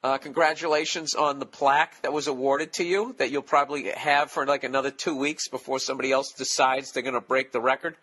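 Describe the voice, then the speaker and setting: A man's voice: medium pitch, steady tone, a little fast, few pauses, sharp tone, breathy edge. A man hosting his own podcast, talking alone in a casual, profane, sarcastic rant. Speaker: podcast host. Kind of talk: casual solo podcast monologue.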